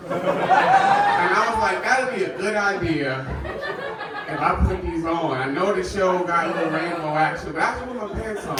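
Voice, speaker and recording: A man doing a stand-up set at a live comedy show, conversational and laughing through his jokes. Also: high voice. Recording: echoey room from far off, loud noise.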